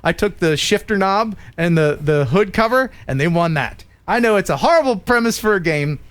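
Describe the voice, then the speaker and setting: A middle-aged man hosting a live stream, telling stories in a joking, animated way. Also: sits high, moderate pace. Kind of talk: casual live-stream chat.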